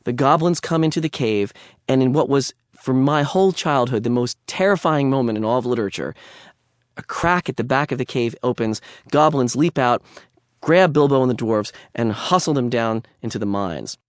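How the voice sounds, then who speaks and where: A man's voice: mid-range voice, animated, moderate pace, no echo, clean studio sound. Man giving a conversational literature lecture. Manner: conversational, digressive, wry asides.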